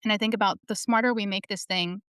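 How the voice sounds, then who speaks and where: A woman's voice: medium pitch, quick pace, smooth, no echo, clean studio sound. A woman in her thirties talking candidly and animatedly in a casual discussion, telling stories and swearing freely. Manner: candid, profane, animated storytelling. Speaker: panel speaker.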